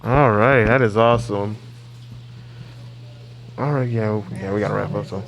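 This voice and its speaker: A man's voice: on the low side, steady tone, moderate pace, creaky, dull audio. A man hosting a live podcast panel, wrapping up in a laid-back, friendly way. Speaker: podcast host running the panel. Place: convention panel room.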